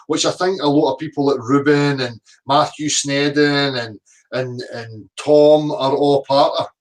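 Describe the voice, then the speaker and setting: A man's voice: medium pitch, recorded from a distance. A middle-aged man, reading out online comments and answering them with sarcasm, swearing and combative rants. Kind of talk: reading comments aloud and ranting.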